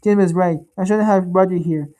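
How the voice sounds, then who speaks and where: A woman voicing a troubled, withdrawn young man who speaks haltingly and repeats his words. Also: on the low side, fairly even intonation, mellow, lightly acted, low-quality recording.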